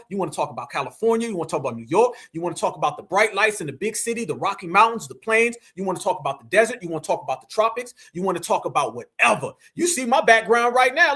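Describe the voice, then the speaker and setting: A man's voice: high voice, sharp tone. An American man hosting a livestream, speaking as an activist in a preachy, rallying monologue that keeps calling his viewers family. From United States. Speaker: host and activist.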